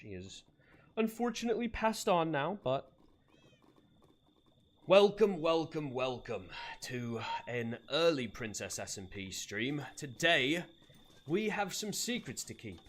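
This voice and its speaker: A man's voice: on the high side, a bit bright. A man casually chatting on his live game stream, greeting viewers by name and reading chat aloud.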